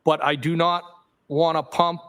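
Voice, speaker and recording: A man testifying in a courtroom as a witness, reading out text messages in a measured way and naming the punctuation aloud. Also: a little high, flat delivery, fairly bright tone, clear, resonant tone. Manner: measured reading aloud, reads punctuation such as "question mark" aloud.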